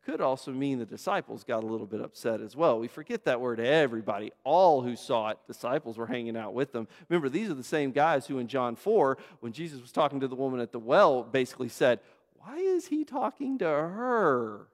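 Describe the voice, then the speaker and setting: A man's voice: medium pitch, fast talker, hardly any pauses. A man preaching a sermon as a pastor, emphatic and repetitive, piling up phrases and asking the congregation rhetorical questions. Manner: conversational asides and rhetorical questions. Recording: long reverb of a large hall.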